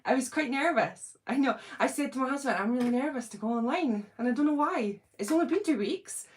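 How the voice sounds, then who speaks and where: A middle-aged British woman hosting a casual livestream, nervous and excited, chatting and greeting viewers by name. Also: high voice, a little fast. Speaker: channel host doing a livestream.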